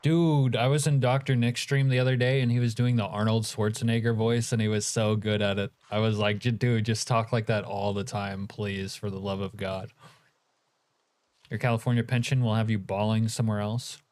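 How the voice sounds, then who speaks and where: A man's voice: fairly low pitch, little pitch movement, normal speed, darkish tone. A man streaming a game, chatting casually and joking as he reacts to his chat.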